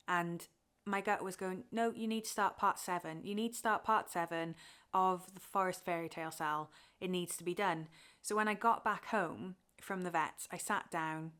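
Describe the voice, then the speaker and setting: A woman's voice: on the low side, fairly bright tone. A young woman from Wales chatting casually to camera about her cross-stitch, talking openly and getting emotional, with fillers and laughs.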